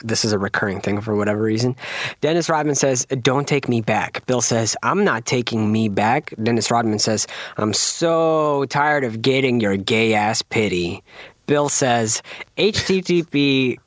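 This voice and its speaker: Mid-pitched male co-host, amused and quick, dry mic. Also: no room sound. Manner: fast, amused reading with frequent laughs. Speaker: podcast co-host. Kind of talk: casual chat, reading AI texts aloud.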